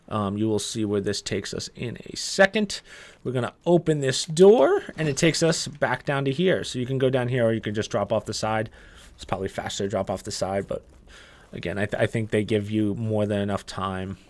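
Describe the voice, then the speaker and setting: A young man giving casual gameplay walkthrough commentary, relaxed and chatty, with frequent "uh" and "um" as he explains each step. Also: mid-range voice, normal speed. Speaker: gaming guide creator.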